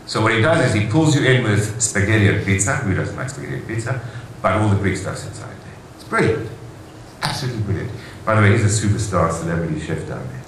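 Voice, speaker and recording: A man's voice: lowish voice, big pitch swings, quick pace. A man giving an enthusiastic conference keynote speech in a large hall, telling stories with rhetorical asides. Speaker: conference speaker. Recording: very echoey hall, faint noise.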